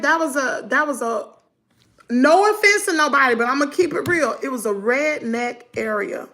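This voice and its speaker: A middle-aged woman, telling her viewers a story in a lively storytime chat. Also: high voice, normal speed. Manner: animated, talks to viewers as y'all. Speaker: vlogger.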